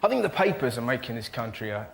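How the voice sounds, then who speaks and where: A man telling animated comic stories as a panellist on a TV comedy show. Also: medium pitch, creaky. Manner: animated storytelling, quick voice switches. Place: TV studio with live audience. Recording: studio audience laughter, noisy.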